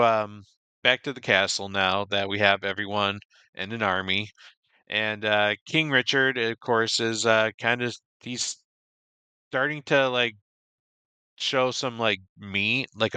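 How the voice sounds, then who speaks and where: A man's voice: mid-range voice, pushed and bright, clean tone, no room sound. A man hosting a casual podcast discussion, recapping loosely with lots of fillers and restarts. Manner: rambling recap with frequent fillers. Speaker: podcast host.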